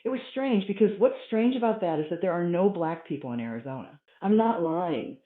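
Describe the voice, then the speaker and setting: A man doing a stand-up routine, telling stories in a profane, animated way. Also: high-pitched, fairly quick. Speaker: stand-up comedian. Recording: tinny, roomy live recording.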